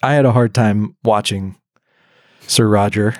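A man's voice: on the low side, steady tone, measured pace, darkish tone, no room sound, studio quality. A man co-hosting a podcast in casual chat. He talks animatedly and laughs often. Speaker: podcast co-host.

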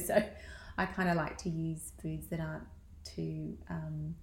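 Low, gravelly mother. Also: fairly even intonation, a little mellow. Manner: chatty, practical, quick asides. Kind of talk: casual chat. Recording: echoey room.

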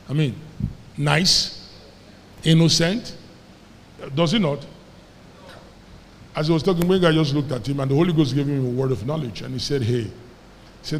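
A Nigerian man preaching a sermon, telling a story with lively quoted dialogue and having the congregation repeat after him. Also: a little high, moderate pace, pauses often, long reverb tail. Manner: animated storyteller, quoting characters, calling on the congregation to repeat. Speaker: pastor.

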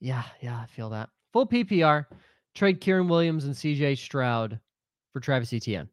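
A man's voice: mid-range voice, lively intonation, moderate pace, no echo. A man co-hosting a sports podcast with a stuffy, congested voice. He talks bluntly and swears freely. The recording is dry and close, with no room sound. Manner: blunt and profane, runs the listener questions. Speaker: podcast co-host.

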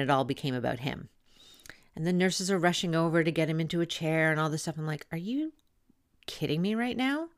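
A woman's voice: sits low, creaky, clear, resonant tone, no echo, clean studio sound. A woman in her thirties, a doula hosting a podcast, telling her own birth story in a candid, chatty and blunt way. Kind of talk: casual personal storytelling.

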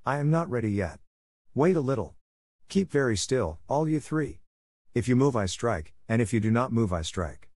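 A man voicing a vengeful female cobra who hisses slow, taunting threats in a storybook reading. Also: mid-range voice, big pitch swings, a little mellow, no echo, clean studio sound. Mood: menacing. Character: vengeful female cobra queen, cold and menacing.

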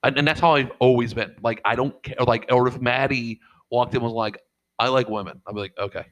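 A man's voice: medium pitch, steady tone, brisk, fairly bright tone, low-quality recording. A middle-aged man in casual podcast chat, telling rambling, profane stories and acting out what people said. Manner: profane, rambling storyteller who acts out quotes. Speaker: podcast co-host and father.

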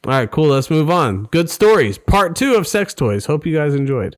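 A man's voice: fairly high pitch, very animated, normal speed, dry recording, studio quality. A man co-hosting a casual podcast, chatting in joking, profane banter. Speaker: podcast co-host. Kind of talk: casual chat.

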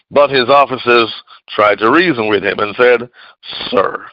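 A man preaching a sermon emphatically, swinging from loud outbursts to low, hushed lines. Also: unhurried, no echo, highs cut off.

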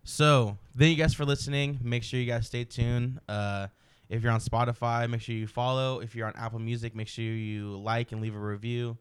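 A man's voice: medium pitch, level tone, normal speed, hardly any pauses, smooth, dry recording. A young man hosting a podcast, telling rambling stories in a casual chat with lots of fillers. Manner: rambling anecdotal storytelling with frequent fillers. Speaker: podcast host.

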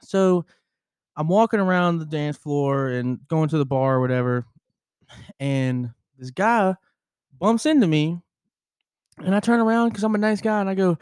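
A man's voice: sits high, normal speed, clear, resonant tone, dry recording, studio quality. Laughing man telling a story. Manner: laughing, animated storyteller, swears freely. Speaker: podcast co-host. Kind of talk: casual chat, storytelling. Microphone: close studio microphone.

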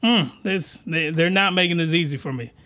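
A man hosting a crude comedy anime recap, reacting loudly and riffing in slang. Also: on the high side, normal speed, loud music behind the voice. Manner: excitable, slangy, loud reactions.

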